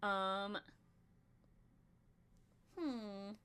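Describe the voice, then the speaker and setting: A woman's voice: medium pitch, drawn-out words, sharp tone, clean tone. A woman hosting a casual podcast chat, rambling and giggly with frequent fillers. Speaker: podcast host.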